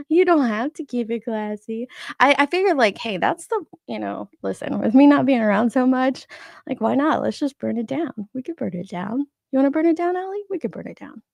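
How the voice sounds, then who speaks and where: A chatty woman in her forties hosts a live stream, greeting viewers by name and laughing often. Her voice has a gravelly, fried edge, and the sound is close and dry with no room around it. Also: fairly high pitch, lively intonation, moderate pace, a little mellow, no echo. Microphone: streaming setup microphone.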